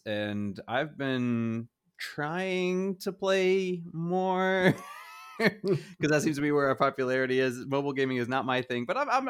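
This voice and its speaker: A man's voice: mid-range voice, clean tone. A middle-aged man co-hosting a casual gaming chat show, rambling and hedging with frequent chuckles. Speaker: podcast co-host.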